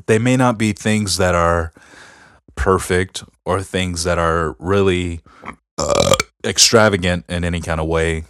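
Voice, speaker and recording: A man's voice: low-pitched, unhurried, a bit bright, dry recording, studio quality. A middle-aged man co-hosting a casual faith podcast, telling family stories in an earnest, rambling way with many fillers. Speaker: podcast co-host.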